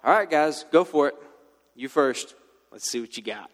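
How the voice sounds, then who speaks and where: A man's voice: on the high side, expressive, normal speed, long reverb tail, close to an everyday voice. A man voicing a swaggering male prophet who mocks his rivals in a teasing, sarcastic way. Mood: taunting.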